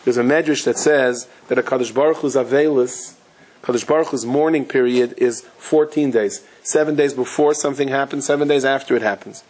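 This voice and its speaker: A rabbi giving a Torah lecture, telling stories in a lively way with Yiddish and Hebrew terms mixed in. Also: male voice, mid-range voice, brisk, poor audio. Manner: animated storytelling, sprinkled with Yiddish and Hebrew terms.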